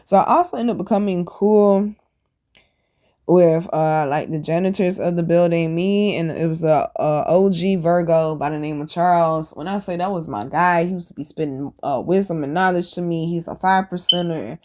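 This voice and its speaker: A woman hosting a podcast, telling stories in a casual, animated and blunt way, full of slang and swearing. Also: fairly low pitch, moderate pace. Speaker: podcast host. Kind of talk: casual storytelling monologue.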